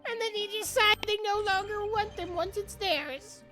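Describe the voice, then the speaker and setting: A woman's voice: extremely high pitch, normal speed, loud music behind the voice, voice pushed up. A woman voicing a cocky, sneering male samurai prosecutor in a mocking, haughty manner.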